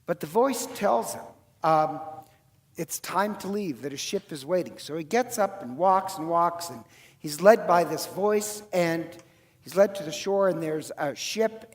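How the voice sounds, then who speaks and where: A man from Ireland, a priest, telling a story in a homily in an easy conversational way, with many fillers and quick self-corrections. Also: on the high side. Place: church. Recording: church hall reverb.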